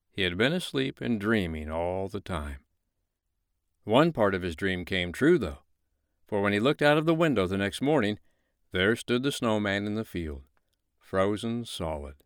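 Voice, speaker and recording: Male bedtime story reader, low voice, lively lilt, dry close sound. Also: smooth, no echo.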